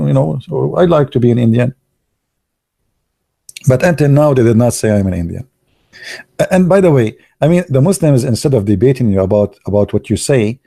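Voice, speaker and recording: Gravelly-voiced man. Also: medium pitch, mellow, no echo, studio quality. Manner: halting, many fillers and restarts, sarcastic asides. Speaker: online commentator. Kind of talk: casual live commentary.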